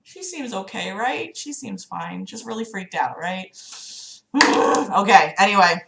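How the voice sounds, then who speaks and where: A young woman with a slight cough hosts a casual livestream from an echoey room at home, chatting, swearing freely and reading a friend's book aloud. Her mid-range voice is creaky with lively intonation and an unhurried pace, and the recording is very noisy. She comes across as chatty, profane, fretful and giggly.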